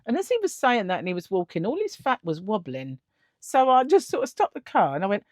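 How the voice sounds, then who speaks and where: A woman's voice: on the high side, very animated, brisk, no echo, clean studio sound. A middle-aged woman telling a story in a casual vlog, chatty and laughing often, acting out the other people in it. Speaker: vlogger.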